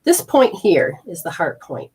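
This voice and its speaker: Husky-voiced woman teaching self-healing points. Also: fairly low pitch, huge pitch swings, a little slow, a little mellow. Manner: emphatic, talks straight to the viewer with rhetorical questions; folksy, exclamatory asides. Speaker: host and energy healer. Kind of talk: instructional health show.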